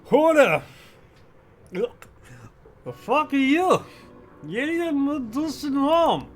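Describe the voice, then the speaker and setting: Man playing a drunk, bitter grieving dad; gruff, worn, game voice. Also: very high voice, sing-song, very slow, faint music behind, voice pushed up, heavily acted. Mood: slurring drunk. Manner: gruff, slurring and self-pitying. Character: bitter middle-aged grieving father, heavy drinker.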